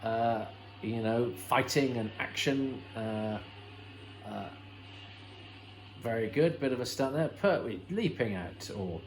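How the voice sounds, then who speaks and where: A man's voice: medium pitch, lively intonation, takes it slowly, long pauses, slight background noise, poor audio. A man hosting a watch-along, commenting on an old episode in a chatty, enthusiastic way with many fillers and restarts. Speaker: host.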